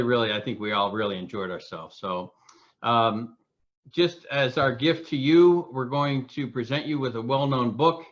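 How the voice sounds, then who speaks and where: Club president on dull call audio. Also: male voice, medium pitch, a bit bright. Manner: repetitive, enthusiastic thanks. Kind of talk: formal meeting wrap-up.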